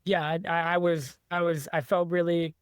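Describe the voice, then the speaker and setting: A man's voice: fairly high pitch, little pitch movement, moderate pace, clean tone, no echo, studio quality. A man, an author being interviewed, talking in an eager, rambling way with many restarts. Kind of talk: casual interview chat.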